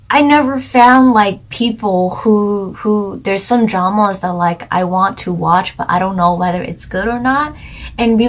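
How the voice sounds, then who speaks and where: A woman's voice: medium pitch, rough recording. A woman chatting casually as a drama review vlogger, rambling with many fillers. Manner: rambling, filler-heavy, giggly. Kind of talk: casual chat.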